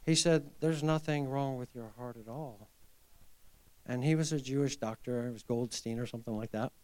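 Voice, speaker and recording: A middle-aged male pastor preaching a sermon, telling a story and then building to fervent exhortation, moving from hushed tones to loud emphasis. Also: medium pitch, moderate pace.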